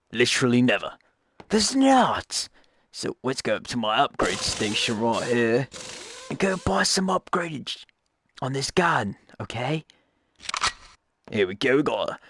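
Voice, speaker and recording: A man chatting through a game in a loose, rambling way, tossing out jokes and then correcting himself mid-sentence. His voice sits at an ordinary middle pitch, and he talks casually to his viewers. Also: a bit bright. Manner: rambling, jokey, self-correcting asides. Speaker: gaming YouTuber. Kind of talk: casual gameplay commentary.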